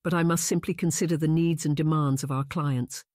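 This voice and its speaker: A man voicing a proper young aristocrat in an audiobook, speaking in a measured, formal, lecturing way. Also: on the high side, steady tone, a little mellow, no room sound, studio quality, close to an everyday voice. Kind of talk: audiobook narration.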